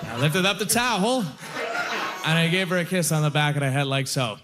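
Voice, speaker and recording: A man's voice: fairly high pitch, animated, over loud music. A young man performing a stand-up comedy set, telling self-deprecating stories in a chatty, conversational way. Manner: self-deprecating, conversational storytelling with quick asides. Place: comedy stage before a laughing audience.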